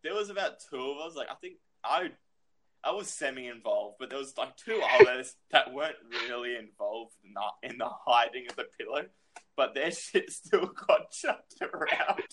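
A man's voice: medium pitch, lively intonation, moderate pace, a loud crowd. A man telling a rambling story in casual chat, swearing freely and filling with "you know".

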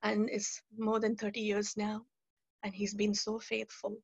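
A woman's voice: medium pitch, completely flat delivery, measured pace, husky, dry recording. A woman preacher giving an earnest, emphatic testimony and teaching talk, repeating key phrases, over a video call. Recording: dull lo-fi webinar audio.

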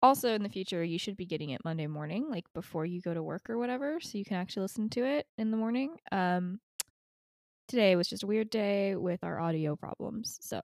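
A woman's voice: mid-range voice, expressive, brisk, a little mellow, no echo, studio quality. A young woman co-hosting a podcast, chatting casually and rambling with frequent laughs. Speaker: podcast co-host. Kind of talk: casual chat.

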